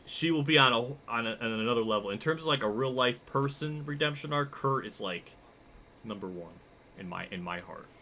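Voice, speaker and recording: A young man gives loose, running commentary over a racing game, his pitch leaping around as he gets excited. His voice is bright and cutting, with a low hiss of noise behind it. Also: brisk. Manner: excitable, chatty, reacts loudly and reads chat. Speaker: sim racing streamer. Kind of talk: live gameplay commentary.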